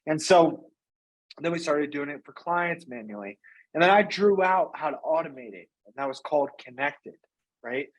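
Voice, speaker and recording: A man being interviewed as a guest, telling his business story in a casual, energetic way and often tagging on "right?" and "you know". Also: on the high side, moderate pace, rough recording. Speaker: guest, company founder and CEO.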